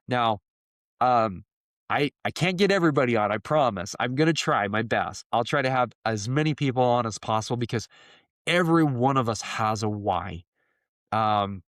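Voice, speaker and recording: A man's voice: on the low side, a bit bright, no room sound, clean studio sound. A man in his thirties hosting a podcast in a casual solo monologue, talking earnestly and rambling with many fillers. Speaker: podcast host.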